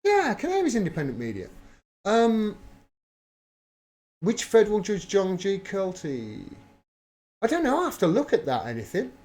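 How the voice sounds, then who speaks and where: A man's voice: high voice, huge pitch swings, normal speed, pauses often, a little mellow. A man hosting a live stream, talking through political news and answering viewer messages in an emphatic, heated way, swearing freely. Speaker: livestream host. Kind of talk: live political commentary reading viewer chat.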